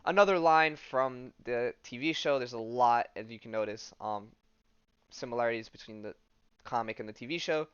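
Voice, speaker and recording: Smooth-voiced man rambling through a podcast recap. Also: mid-range voice, moderate pace, fairly bright tone, no room sound, lo-fi sound. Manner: rambling, loose delivery full of fillers. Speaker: podcast host. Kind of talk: casual comic book recap.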